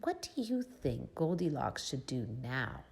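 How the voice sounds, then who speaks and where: A woman reading a picture book aloud to children in a soft, breathy, expressive way, pausing to ask them questions. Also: low voice. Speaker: children's storyteller.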